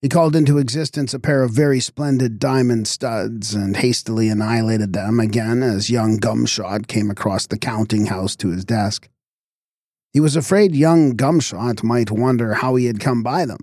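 A man reading a story aloud as narrator in a measured, even way. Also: mid-range voice, dry recording, studio quality. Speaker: audiobook reader. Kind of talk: scripted narration.

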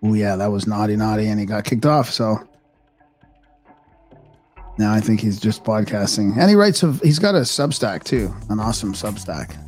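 A man's voice: fairly low pitch, expressive, normal speed, darkish tone, husky, soft background music. Easygoing male podcast host. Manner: easygoing, asks questions. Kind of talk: casual interview chat.

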